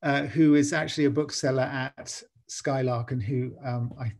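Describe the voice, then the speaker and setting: A man hosting a bookshop author event over a video call, speaking haltingly and restarting his sentences. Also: medium pitch, fairly even intonation, a little mellow. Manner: halting, many restarts and fillers.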